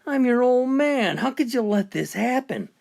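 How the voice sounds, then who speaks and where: A woman's voice: on the high side, animated, normal speed, vocal fry, darkish tone, pitched above the performer's own voice. Woman doing an exasperated middle-aged dad.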